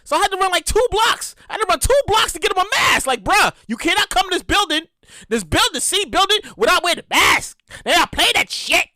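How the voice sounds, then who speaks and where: A woman's voice: very high-pitched, fast, no echo, clean studio sound. A woman hosting her own podcast in a casual, profane, ranting monologue. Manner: animated, profane, ranting storyteller. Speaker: podcast host.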